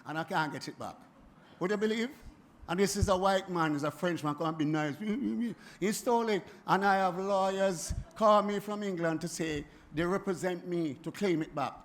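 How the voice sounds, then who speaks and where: A Jamaican man in his seventies, speaking at a forum in an animated, emphatic way that keeps circling back and repeating itself. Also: high-pitched, a little hiss or hum. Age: 70s. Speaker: music producer speaking at a forum. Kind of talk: impassioned spoken address.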